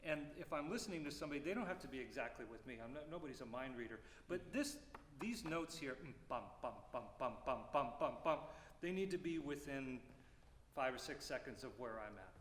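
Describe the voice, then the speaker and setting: A man teaching a music clinic, explaining phrasing and singing rhythms aloud with lively syllables. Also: fairly high pitch, fast talker. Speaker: percussion clinician. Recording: roomy hall reverb, faint noise.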